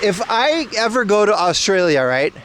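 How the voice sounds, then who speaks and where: A man's voice: high voice, very animated, normal speed, background noise. A young man chatting casually and joking with his viewers on a livestream, recorded outdoors in a city. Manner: joking, banter with chat. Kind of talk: casual IRL stream chat.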